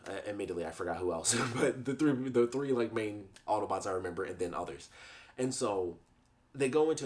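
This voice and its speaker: A young man talks through a review in a casual, meandering way. His voice sits on the low side. He laughs easily and circles back over his points. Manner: chatty, rambling, laughs often. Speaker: YouTube reviewer.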